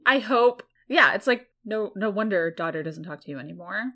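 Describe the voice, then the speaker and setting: A woman co-hosting a casual podcast. She chimes in with quick, reactive comments and laughs along with her partner. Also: medium pitch, animated, bright, forceful tone. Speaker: podcast co-host. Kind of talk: casual chat.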